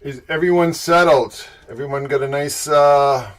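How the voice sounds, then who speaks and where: A man's voice: on the high side, measured pace. Man, Boston accent, middle-aged, livestream host, casual chat, upbeat greetings to viewers. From Boston area.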